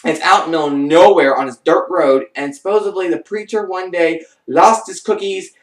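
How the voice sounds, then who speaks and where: A man rambles through a wild true story in a loose, lively vlog voice. He sits back from the mic, and the room rings around him. He keeps jumping into other people's voices along the way. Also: brisk. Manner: animated, rambling, acts out quoted voices with big pitch jumps. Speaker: vlogger. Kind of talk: casual first-person storytelling. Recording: roomy and distant from the mic.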